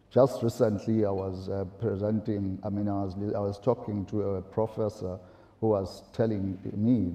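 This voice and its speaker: A man speaking on a panel, halting with many fillers and rhetorical questions. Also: fairly low pitch, mellow. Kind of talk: panel discussion. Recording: roomy echo.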